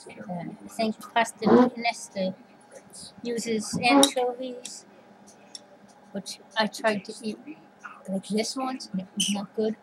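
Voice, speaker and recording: Slow-talking woman rambling with her mouth full. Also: a little high. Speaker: vlogger. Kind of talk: casual eating vlog chat. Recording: noisy home recording.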